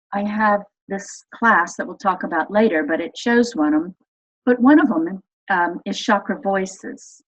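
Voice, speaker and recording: A woman's voice: medium pitch, slightly rough, rough recording. A woman speaking as a guest in an interview, explaining her ideas in an earnest, enthusiastic way. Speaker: guest expert on voice and energy healing.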